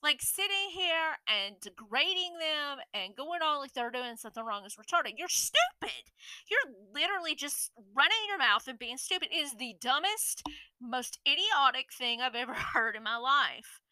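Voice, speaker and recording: A high, piercingly bright woman's voice, blunt and profane as she rants to her viewers. She sounds exasperated, and the sound is close and completely dry. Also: sing-song, normal speed, dry recording, rough recording. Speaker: streamer and influencer. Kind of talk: ranting vlog monologue.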